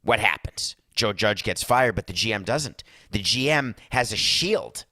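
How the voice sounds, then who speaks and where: A male sports podcast host rants emphatically, tossing in sarcastic asides. His voice sits fairly low but sounds bright, and it is dry and close on a studio mic. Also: animated, a little slow, no room sound. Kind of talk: sports talk podcast monologue.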